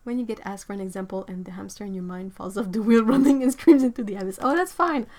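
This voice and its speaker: Woman, casual streamer chat, playful, laughs easily, mid-pitched. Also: quick pace, dark tone. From Quebec, Canada. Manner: chatty and playful, with frequent laughs and self-corrections. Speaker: artist livestreaming. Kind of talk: casual livestream chat answering viewers.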